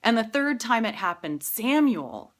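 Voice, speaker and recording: A woman's voice: lowish voice, a little slow, fairly bright tone. A woman pastor preaching a sermon in a church, telling personal stories in a conversational way. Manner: conversational storytelling with personal anecdotes.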